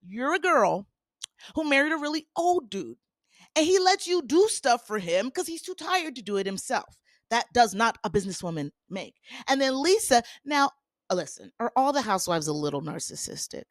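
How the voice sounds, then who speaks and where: A woman's voice: fairly high pitch, moderate pace, no room sound, studio quality. A woman hosting a podcast, recapping reality TV in a sassy, casual gossip style. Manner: sassy, animated, acts out quotes in put-on voices.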